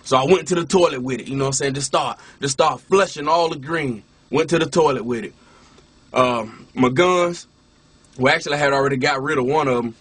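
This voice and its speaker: A man's voice: mid-range voice, a little fast, a bit bright, husky, dry recording. A man, a minister and former rapper, telling his personal testimony in a casual way, often saying "you know what I'm saying" and restarting his words.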